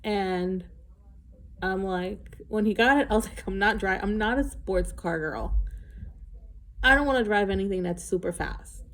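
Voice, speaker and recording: A woman's voice: medium pitch, unhurried, a bit bright. A middle-aged woman recording a casual, rambling vlog, candid and a little emotional, with sighs and laughs along the way. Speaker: vlogger. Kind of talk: casual chat.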